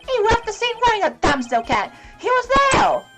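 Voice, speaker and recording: A woman voicing a loud, excitable male courtroom witness who whines and shouts indignantly while reading a game aloud. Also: very high-pitched, normal speed, over loud music, pitched above the performer's own voice, heavily acted. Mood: indignant shouting.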